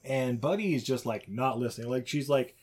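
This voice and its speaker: A man's voice: medium pitch, fairly quick, darkish tone, husky. A man co-hosting a podcast who rambles and swears, laughing as he retells a movie plot. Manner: rambling, profane, laughs through his retelling. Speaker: podcast co-host. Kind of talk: casual movie recap chat.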